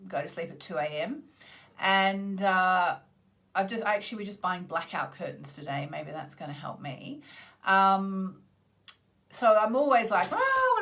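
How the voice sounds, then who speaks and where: A middle-aged Australian woman hosting a live chanting session, talking casually and meandering, with loud exclamations that trail off into soft endings. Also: on the low side. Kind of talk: casual live-stream chat. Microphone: video call.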